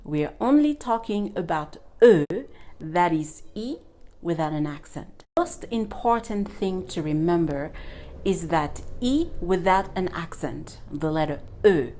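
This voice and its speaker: Woman teaching french online, slow and patient, repeats the sounds a lot, lowish voice. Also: animated, dark tone. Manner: patient, repetitive, demonstrates sounds. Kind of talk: online language lesson.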